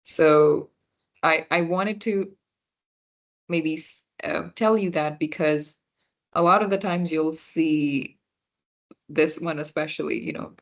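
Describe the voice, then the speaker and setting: A woman's voice: deep voice, slow, pauses often. A young woman teaching a beginner class, explaining patiently and checking that her students understand. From Punjabi background. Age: young adult. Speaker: French workshop instructor.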